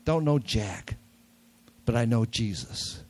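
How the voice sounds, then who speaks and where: A man's voice: medium pitch, expressive, slow pace, darkish tone. An older man with a nasal voice preaching a sermon in a church, talking casually with jokes and repeating key words for emphasis. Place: church sanctuary.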